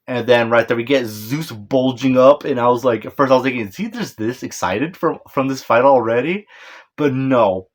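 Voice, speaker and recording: A manga reviewer with a mid-range male voice talks fairly quickly through a casual, rambling chapter breakdown. He stumbles over names, corrects himself, and apologizes with a chuckle.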